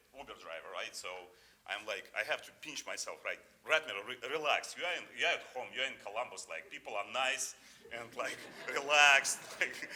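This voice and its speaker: Man in his fifties, non-native accent, very bright tone, lowish pitch, halting speech with many fillers, joking acceptance speech. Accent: non-native English accent. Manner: hesitant, many fillers and restarts, jokey. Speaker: award recipient giving acceptance speech.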